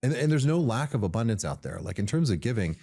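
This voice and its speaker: A man who is a podcast guest, telling stories in a casual interview, animated and often repeating words as he builds his point. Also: mid-range voice, quick pace, creaky, breathy edge. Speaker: podcast guest, tea company founder.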